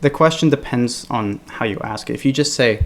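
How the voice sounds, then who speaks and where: A man co-hosting a casual religious discussion podcast, cutting in with short agreements and quick points. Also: medium pitch. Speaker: podcast co-host.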